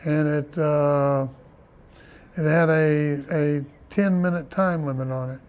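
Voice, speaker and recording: Older former wrestler, rambling anecdotal interview, slightly high voice. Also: male voice, fairly even intonation, slow pace, darkish tone, clear, resonant tone. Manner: rambling, laughing often, many fillers. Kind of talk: storytelling interview.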